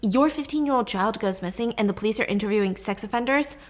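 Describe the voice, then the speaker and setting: A woman's voice: mid-range voice, quick pace. A woman telling a true story in a casual, chatty way, swearing offhand and talking straight to the listener.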